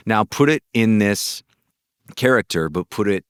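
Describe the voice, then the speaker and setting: A man from North Carolina, a voice actor, telling animated, rambling anecdotes in an interview, with a gritty chest voice. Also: on the low side, unhurried, smooth, dry recording, studio quality. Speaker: guest voice actor. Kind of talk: casual interview storytelling.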